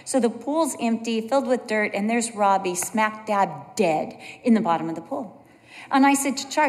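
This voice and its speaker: Animated woman preaching in a reverberant hall. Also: medium pitch, brisk. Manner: animated storytelling, acts out voices. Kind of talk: sermon with personal story.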